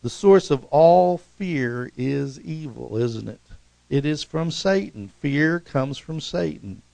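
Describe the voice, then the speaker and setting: A man preaching a sermon as pastor, swinging from emphatic, raised lines to soft, low asides, with calls to the congregation. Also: animated, slow pace, vocal fry, dry recording, low-quality recording. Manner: rises to emphatic peaks, then drops soft and low; preaching with congregational call-outs.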